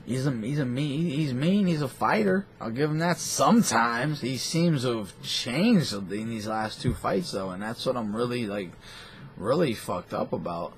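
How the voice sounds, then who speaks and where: A man's voice: mid-range voice, a little slow, a little hiss or hum. A man hosting a boxing talk show, ranting in a profane, rambling and scornful way. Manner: foul-mouthed, animated, scornful.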